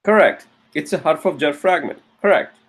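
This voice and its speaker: Male teacher, fairly high and a bit husky, patient classroom lecture with frequent check-ins. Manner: slows down and stresses key terms. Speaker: Arabic grammar teacher.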